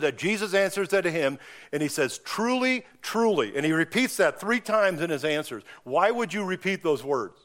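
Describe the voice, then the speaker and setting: A man teaching a Bible study class, reading scripture aloud and explaining it verse by verse in a conversational way, full of rhetorical questions. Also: high voice.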